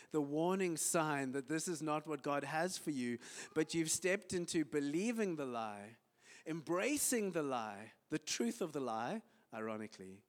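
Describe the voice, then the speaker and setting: Animated South African preacher in reverberant church. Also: male voice, on the high side. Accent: South African English. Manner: animated preaching, acts out little dialogues. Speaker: pastor. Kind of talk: sermon. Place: church hall.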